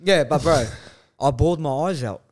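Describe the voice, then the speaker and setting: A man's voice: a little high, normal speed. A man, a podcast guest telling a story bluntly, with lots of swearing and slang. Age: 20s. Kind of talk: casual chat.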